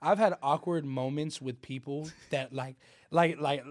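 A man's voice: a little high, fairly even intonation, a little slow, no echo, studio quality. A man, a comedian guest on a podcast, telling stories in laid-back, slangy casual chat.

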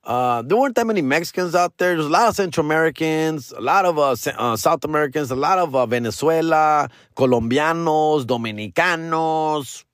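A man from Los Angeles, a comedian, telling a story in a casual, profane, slangy way, dropping Spanish words and swinging his pitch and loudness. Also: expressive, fairly quick, few pauses, no room sound, studio quality. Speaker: stand-up comedian, podcast host.

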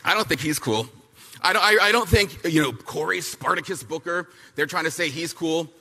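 A man giving a punchy, fiery speech at a youth summit. He repeats lines for effect and mocks people with quick impressions. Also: on the high side, sharp tone. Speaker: speaker at a youth political summit. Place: large hall at a summit, with an audience. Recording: big hall with long reverb and a faint crowd.

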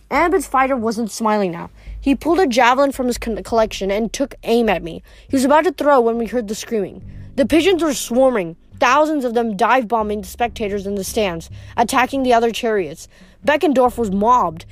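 Woman reading a novel aloud. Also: on the high side. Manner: steady reading with frequent slips and restarts. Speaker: audiobook reader. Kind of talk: amateur audiobook narration.

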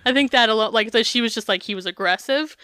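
A woman's voice: on the high side, quick pace, bright, forceful tone, smooth, dry recording, studio quality. A woman co-hosting a podcast, reading a memoir passage aloud and then chatting candidly with filler words and swearing. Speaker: podcast co-host.

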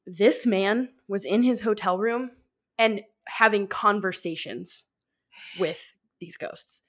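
A woman co-hosting a podcast in casual chat, rambling and excitable, filling her talk with "like.". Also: medium pitch, takes it slowly. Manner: rambling, fills with "like"; excitable, laughs often. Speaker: podcast co-host.

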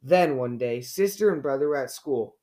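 A man reading a children's storybook aloud in a gentle, unhurried way. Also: medium pitch, animated.

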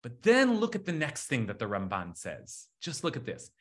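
Animated man teaching with bright energy. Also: medium pitch, moderate pace. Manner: animated, excited, frequent restarts and filler "like". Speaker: teacher leading a text study class. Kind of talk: lively classroom lecture.

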